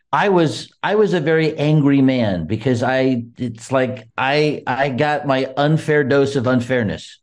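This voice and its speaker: A man talking earnestly about faith and forgiveness, laughing often and restarting his sentences. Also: a little high. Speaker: guest. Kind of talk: casual faith talk.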